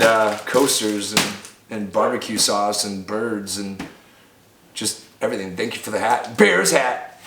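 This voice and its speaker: A man opening fan mail in a casual vlog, chatty and prone to loud excited outbursts. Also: medium pitch. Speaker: bar owner and vlogger. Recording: echoey room, faint background noise.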